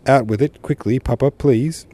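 A man's voice: mid-range voice, moderate pace, dark tone, voice pushed up, close to an everyday voice. A man voicing an impatient, anxious young woman who pleads with her father. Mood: anxious pleading. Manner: eager, pleading.

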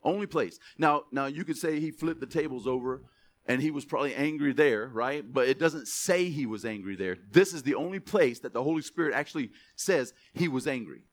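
A man's voice: mid-range voice, animated, fairly quick. A man preaching a sermon in a conversational way, often laughing and checking in with the congregation. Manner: conversational, laughing, keeps asking "right?". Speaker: pastor.

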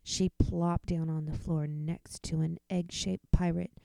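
Gravelly woman reading a picture book. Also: fairly low pitch, a little slow, no echo, rough recording. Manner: expressive, whispers the page turns. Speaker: narrator.

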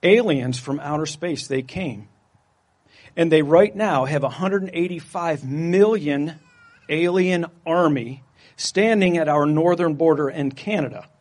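A man preaches a sermon to his congregation in an easygoing, conversational way. He jokes along as he builds his points, and his speaking voice sits a little higher than most men's. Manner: casual, jokey and conversational. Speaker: pastor.

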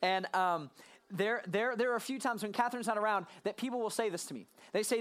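A pastor preaching a sermon to a live congregation, talking in a sarcastic way with quick asides. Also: mid-range voice, a bit bright.

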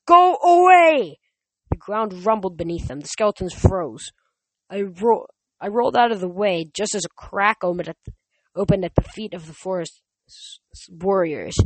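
A first-person storyteller reading at an even middle pitch, close to the mic in a dry, dead space. The telling is steady and plain, with the odd stumble and restart. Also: moderate pace, dry recording, rough recording. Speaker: audiobook reader.

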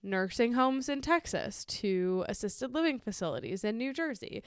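A woman with a Midwestern American accent co-hosts a podcast, her fairly high, expressive, resonant voice coming through clean and dry at a normal pace. Chatting casually, she laughs a lot, swears freely and trips over names while reading news items.

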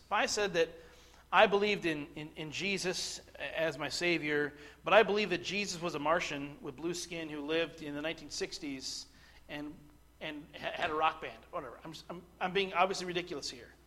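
A middle-aged man preaching a sermon, earnest and halting, with frequent restarts, at times building to forceful emphasis. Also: on the high side. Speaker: pastor.

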